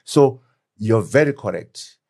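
A lowish, warm and gravelly voice, animated yet slow, comes from a middle-aged Zimbabwean man who was formerly deputy prime minister. He's an interview guest in a spirited political exchange, emphatic and given to rhetorical questions.

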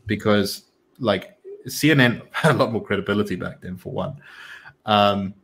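A man's voice: lowish voice, normal speed, vocal fry, a bit bright. A man hosting a casual political chat, talking in a rambling, opinionated way with many restarts.

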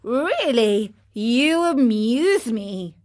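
A woman voicing a cheeky, cocky wooden puppet boy in a storybook reading, high and taunting. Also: big pitch swings, extremely slow, a little mellow, exaggerated voice.

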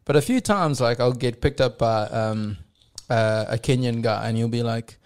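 A man with a gravelly, creaky voice at a middling pitch, chatting as a podcast guest. He is a musician who tells laid-back stories and laughs easily. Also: normal speed, a little mellow. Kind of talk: casual chat.

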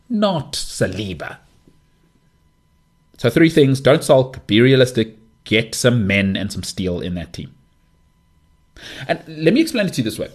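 Husky, opinionated man in his thirties. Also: fairly low pitch. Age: 30s. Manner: opinionated, emphatic, lively delivery. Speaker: sports podcast host. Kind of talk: casual monologue.

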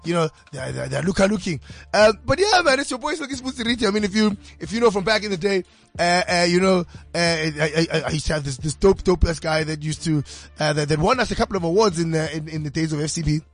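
A man hosting a podcast in a studio, talking in an energetic, slangy, rambling way. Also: fairly high pitch, fast. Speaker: podcast host. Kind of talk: casual podcast chat. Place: radio studio.

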